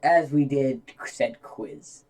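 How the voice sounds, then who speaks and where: A man in a relaxed chat whose voice sits at an ordinary middle pitch. He talks in a dry, slightly exasperated way. He keeps correcting his partner and steering back on track. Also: slow pace. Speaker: co-host. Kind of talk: casual chat.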